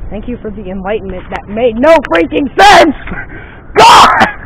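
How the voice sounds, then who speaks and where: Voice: medium pitch, lively intonation, brisk, a little hiss or hum, low-quality recording. Exasperated young voice on outdoor camera audio. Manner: exasperated, laughing at a friend. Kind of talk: casual outdoor chat. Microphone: action camera.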